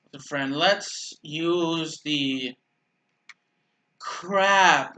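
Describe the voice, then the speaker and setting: Bright-voiced young man rambling over gameplay. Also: a little high. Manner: rambling, self-correcting, dryly sarcastic. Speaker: gaming channel host. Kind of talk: casual gameplay commentary.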